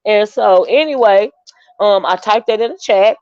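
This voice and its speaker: A woman's voice: medium pitch, moderate pace, a little mellow, no echo. Woman streamer, chatty rambling storyteller, muffled lo-fi home mic. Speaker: livestream host. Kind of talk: casual livestream commentary. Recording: dull, dry lo-fi stream audio.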